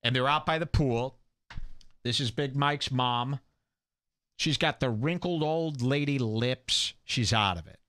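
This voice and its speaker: A man's voice: medium pitch, unhurried, fairly bright tone. A man hosting a comedic talk show, ranting in a crude, mocking, gossipy manner. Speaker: radio show host.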